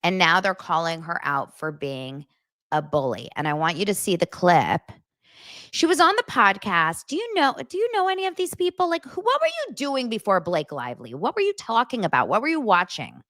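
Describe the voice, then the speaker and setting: A woman hosting a casual chat podcast, telling stories quickly and excitedly, laughing often. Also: mid-range voice, dry recording, studio quality. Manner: excitable, fast storytelling with lots of laughs. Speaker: podcast host. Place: home studio set.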